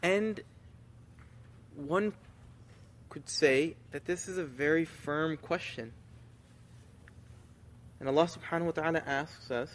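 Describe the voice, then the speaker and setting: A man's voice: on the high side, takes it slowly, long pauses, big-room sound, a little hiss or hum. A man preaching a sermon with passion, reciting Arabic scripture and building to emphatic rhetorical questions.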